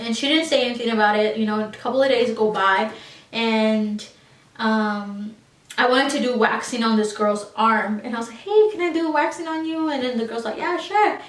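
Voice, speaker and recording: A woman's voice: fairly high pitch, distant mic. Chatty young woman, echoey room. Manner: chatty, rambling, with many likes and ums. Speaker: beauty vlogger. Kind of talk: storytime vlog. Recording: roomy echo, voice a little off-mic.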